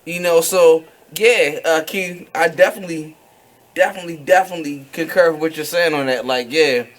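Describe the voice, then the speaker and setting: A man hosting a casual radio talk show, agreeing readily and laughing often. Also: a little high. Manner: agreeable, quick backchannels, laughs easily.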